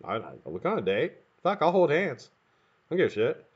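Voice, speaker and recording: A man's voice: on the high side, a little fast, breathy edge. A man hosting a live stream, chatting casually and greeting viewers by name, cursing freely and laughing often. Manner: profane, excitable, laughing often, shouting names to greet viewers. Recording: dull lo-fi webcam audio.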